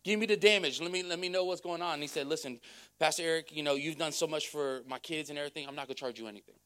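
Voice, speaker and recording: Man, pastor, conversational sermon, slightly high voice, repeats words. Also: rapid-fire, a bit bright, smooth. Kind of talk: sermon with testimony.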